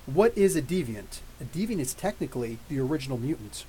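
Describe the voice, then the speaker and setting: Animated middle-aged man ranting. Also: medium pitch, fairly quick, slight background noise, poor audio. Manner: animated, profane, mocking ranting. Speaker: podcast host. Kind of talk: live Q&A rant.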